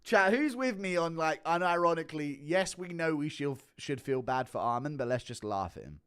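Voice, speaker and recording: A man's voice: a little high, animated, moderate pace, a bit bright, clean tone. Giggly, profane man streaming. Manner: giggly, profane, talks to chat. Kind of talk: casual live-stream commentary.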